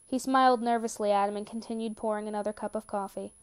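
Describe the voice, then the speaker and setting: A woman reading a romance story aloud with steady, calm narration. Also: mid-range voice, fast talker, clean tone. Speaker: reader. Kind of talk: reading fan fiction aloud.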